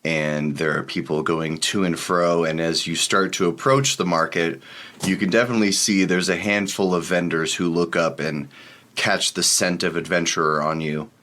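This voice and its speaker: A man narrating scenes and rules as game master of a tabletop game, in a relaxed, descriptive way. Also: deep voice, normal speed.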